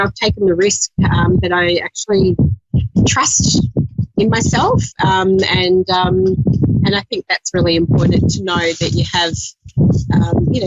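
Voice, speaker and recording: A woman talking as a radio show guest, earnest and hesitant, with many pauses and ums. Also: lowish voice, darkish tone, husky, no echo. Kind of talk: casual interview chat. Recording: dull lo-fi audio with faint hiss.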